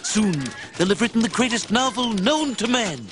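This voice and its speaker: A man's voice: extremely high pitch, moderate pace, background noise. An actor playing a scornful old male tycoon who scolds in a haughty cartoon voice. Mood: proud.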